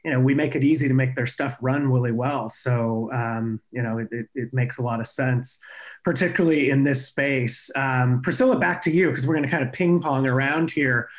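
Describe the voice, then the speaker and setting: A man's voice: medium pitch, fairly even intonation, moderate pace. A man hosting a podcast interview in an upbeat, chatty way, often restarting his sentences. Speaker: podcast host. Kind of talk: conversational interview.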